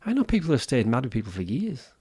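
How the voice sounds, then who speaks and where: A man's voice: medium pitch, wildly swooping pitch, fast talker, darkish tone, slightly rough. A man, co-hosting a wellbeing podcast, talking earnestly with lots of restarts. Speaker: podcast co-host. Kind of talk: casual podcast discussion.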